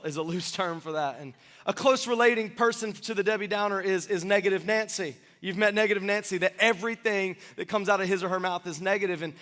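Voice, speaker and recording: A man in his thirties preaches to his congregation with bright, high energy, joking and asking the room questions as he goes. His voice sits high and sharp. The sound carries the long reverb of a church hall. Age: 30s. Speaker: pastor. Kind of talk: sermon. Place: church sanctuary.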